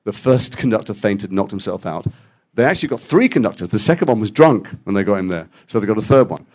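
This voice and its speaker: A man with an English accent, an actor telling stories at a post-screening Q&A in a cinema. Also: fairly low pitch. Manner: animated, quotes others in quick dialogue. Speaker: actor guest at a Q&A. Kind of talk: anecdotal storytelling. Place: cinema auditorium after a screening.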